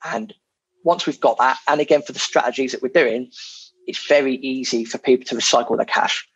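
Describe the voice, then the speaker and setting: A man's voice: medium pitch, a little fast, slightly rough, lo-fi sound. A man from England chatting casually as a property investor guest, frank and self-deprecating, with plenty of fillers. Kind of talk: casual podcast chat.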